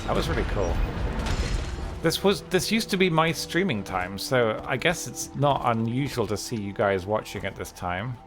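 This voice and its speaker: A man live-streaming a game, chatting casually in a candid, low-key, downbeat way. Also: lively intonation, moderate pace. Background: game music.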